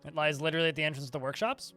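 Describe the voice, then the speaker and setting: A man talks casually to his livestream chat and fields questions at a quick clip. His voice is bright and forceful, set a little high. Faint guitar music plays quietly behind him. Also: flat delivery. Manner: chatty, fast-talking, answers chat questions. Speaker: streamer.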